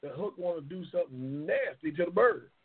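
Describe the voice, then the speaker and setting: A man's voice: on the high side, lively intonation, a little fast, slightly rough. A man hosting a casual live-stream talk show in a loose, slangy, rambling manner, repeating his phrases. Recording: tinny phone-like line.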